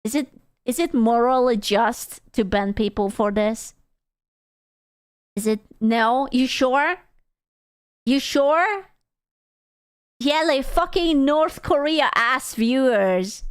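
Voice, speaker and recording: A young woman streamer with a high, clear, smooth voice, talking with her chat in an unhurried, teasing way. She swears freely and jokes around, close to a desk mic in a dry room. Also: no echo. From Europe. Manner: crude, teasing and playful, laughs often. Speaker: VTuber streamer.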